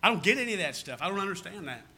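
A man's voice: sits high, big pitch swings, racing, bright, forceful tone. A man with a Southern American accent preaching a sermon in a folksy, rambling way, often calling out "amen?" to his church. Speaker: pastor.

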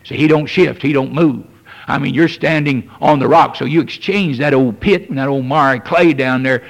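A man preaching a sermon, folksy and repetitive, often asking "amen?" and building to fervent highs. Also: normal speed, vocal fry. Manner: folksy preaching with frequent "amen" and "you see", rising in fervor.

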